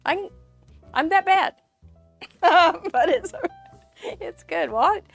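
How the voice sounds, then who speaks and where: A woman's voice: very high voice, expressive, extremely slow, creaky, soft background music. A woman hosting a live crafting stream, chatty and bubbly, greeting viewers by name and laughing often. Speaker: host of a live crafting show.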